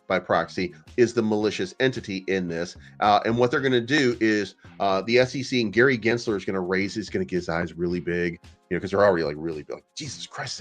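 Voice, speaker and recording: A man with a fairly low voice hosts a crypto commentary show. He riffs loosely, swears freely, and trips over repeated words. Faint music plays under his talk. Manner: profane, stammering, riffing. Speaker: crypto channel host. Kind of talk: casual ranting commentary.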